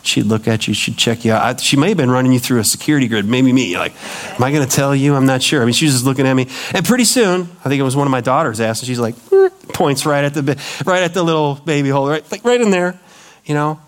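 A middle-aged male pastor preaching a sermon, telling stories with lively acted-out quotes. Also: medium pitch, fast talker. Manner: animated storytelling, acting out quoted voices.

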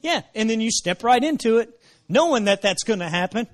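A man preaching a sermon, repeating his phrases and dropping in praise exclamations, moving from low murmurs to shouted emphasis. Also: lively intonation, a little fast. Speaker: pastor.

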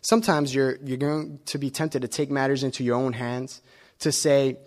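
Man preaching a casual, chatty sermon. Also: mid-range voice. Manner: relaxed and personal, with many filler pauses and self-corrections. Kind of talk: conversational sermon.

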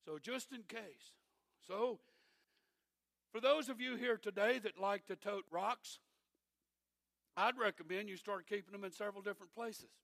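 High, gravelly pastor preaching. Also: male voice, measured pace, pauses often, a bit bright, no room sound. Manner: folksy storytelling with dry humor. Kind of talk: sermon.

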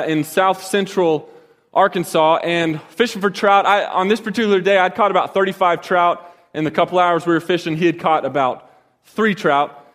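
Man, thirties, rambling storyteller, higher pitch, long hall echo. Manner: rambling, many fillers and restarts. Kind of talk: casual personal anecdote. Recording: long echoing reverb.

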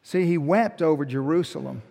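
A man's voice: on the high side, normal speed, gravelly, mellow, in a large hall. A male pastor preaching a sermon in a conversational teaching manner, asking rhetorical questions and restarting phrases. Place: church sanctuary.

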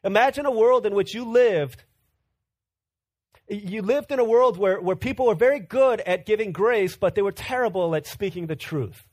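A man's voice: high voice, moderate pace, darkish tone. A man preaching a sermon as pastor, earnest, often repeating words as he builds a point.

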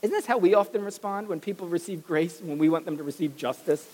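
A pastor preaching a sermon in a lively, animated way, acting out the voices of the people in the story. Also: mid-range voice, fast talker, long reverb tail, slight background noise.

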